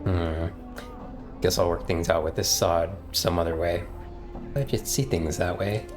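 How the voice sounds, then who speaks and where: A man's voice: low voice, steady tone, measured pace. A man streaming a role-playing game, chatting casually with lots of hesitations and reading the game text aloud. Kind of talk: casual let's-play commentary. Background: game music.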